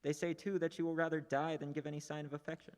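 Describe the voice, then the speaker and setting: A man's voice: a little high, level tone, fast, lightly acted. An actor playing a proud, witty young nobleman musing aloud in a stage play. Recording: reverberant hall.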